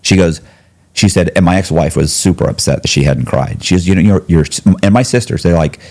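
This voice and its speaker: A man's voice: low-pitched, a little fast. A middle-aged man telling a long personal story as a podcast guest, acting out the voices of the people he quotes. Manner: animated storyteller who acts out quoted voices.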